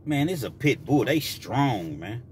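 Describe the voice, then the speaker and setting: A man telling a story from his own life in a vlog, talking freely with frequent restarts and jumping into loud, high voices to act out what people said. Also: very animated, unhurried, a little hiss or hum. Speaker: vlogger telling a personal story.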